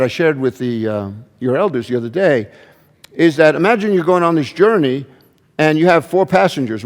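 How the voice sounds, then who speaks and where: Conversational pastor in a reverberant church. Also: male voice, on the high side. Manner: conversational, frequent restarts and asides. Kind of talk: sermon.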